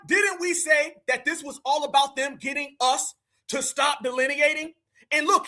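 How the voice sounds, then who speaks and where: A man hosting live reaction commentary, talking in a mocking, animated, slangy way. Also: very high-pitched. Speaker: commentary host.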